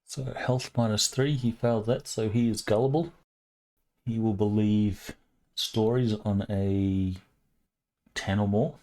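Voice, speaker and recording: A man serving as game master, narrating a tabletop game in a relaxed, conversational way with frequent fillers. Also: lowish voice, a little slow.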